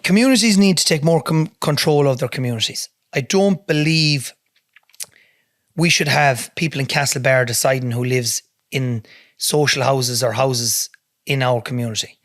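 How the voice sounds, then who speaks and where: A man's voice: mid-range voice, normal speed, a bit bright, no room sound. An Irish man, a podcast guest, telling a story in a blunt, heavy-swearing way in a studio. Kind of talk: casual storytelling.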